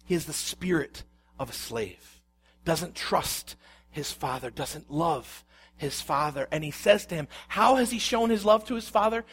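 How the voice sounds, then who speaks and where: A man with a fairly high voice delivers a sermon. He reads scripture aloud, then explains it in an expressive preaching manner and asks rhetorical questions. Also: unhurried, slightly rough. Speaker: pastor.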